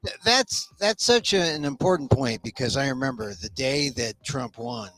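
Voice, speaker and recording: A man's voice: medium pitch, expressive, normal speed, few pauses, a bit bright, faint music behind. A man hosting a casual political chat, talking in an emphatic way and often repeating his phrases. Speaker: host.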